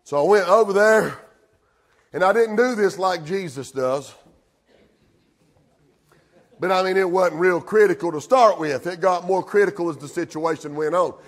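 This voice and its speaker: High-voiced pastor preaching. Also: male voice, normal speed, pauses often. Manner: fervent preaching, calls out congregants by name; drawling with frequent "uh" and "amen". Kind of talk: sermon. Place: church sanctuary.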